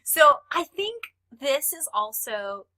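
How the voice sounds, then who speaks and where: A woman's voice: sits high, slow. A woman from Texas with a Texan accent, telling stories in a casual podcast conversation and laughing often. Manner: animated storyteller, laughs often. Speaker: podcast guest.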